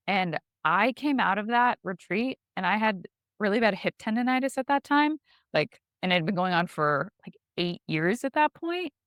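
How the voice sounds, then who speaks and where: Animated woman podcast co-host, dry close mic. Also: medium pitch, clear, resonant tone, dry recording. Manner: animated storyteller, frequent "like". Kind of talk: casual conversational podcast.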